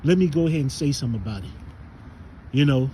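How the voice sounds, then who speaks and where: A man's voice: medium pitch, animated, fast talker, dark tone, slight background noise, rough recording. A man from Chicago preaching a casual walk-and-talk sermon outdoors, recording himself on a phone as he walks to the store. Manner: preachy, recounts and warns with scripture. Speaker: street preacher.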